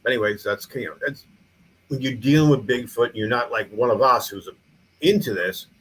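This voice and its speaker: A middle-aged mayor of a small town, also a museum founder, shares stories at a moderate pace in a medium-pitched voice during a casual interview. His talk is animated and rambling with lots of restarts and fillers; the rough recording has slight hiss or hum.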